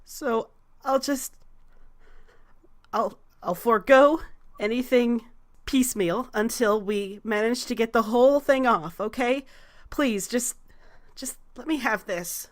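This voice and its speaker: A woman's voice: on the high side, fairly even intonation, fast, few pauses, fairly bright tone, voice pushed up, close to an everyday voice. A woman voicing Salvador, a frightened young man who pleads anxiously and stammers. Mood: pleading.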